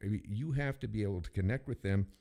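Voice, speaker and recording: A man's voice: on the low side, fast talker, vocal fry, warm tone. A man co-hosting a casual talk show, telling long rambling stories full of swearing and acted-out quotes. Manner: rambling, profane, acts out quoted people. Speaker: podcast co-host. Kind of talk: casual storytelling chat.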